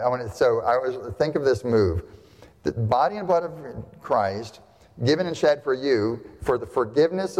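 A pastor delivering a sermon in a conversational style, often asking rhetorical questions and checking in with "right?". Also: male voice, mid-range voice, a little mellow. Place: church sanctuary. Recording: long reverb of a church hall.

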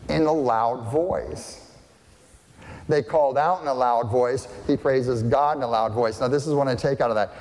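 Slow-preaching man in an echoing hall. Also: medium pitch, darkish tone. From family partly German and partly English. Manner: slow, deliberate, asks the congregation questions. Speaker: pastor. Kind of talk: sermon. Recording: long hall reverb.

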